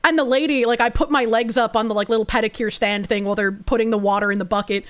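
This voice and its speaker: A woman with a high voice chats casually on stream and tells a long story. Her talk is loose and rambling and full of "like" and restarts. She swears freely throughout. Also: steady tone, quick pace. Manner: rambling and profane, full of fillers like "like".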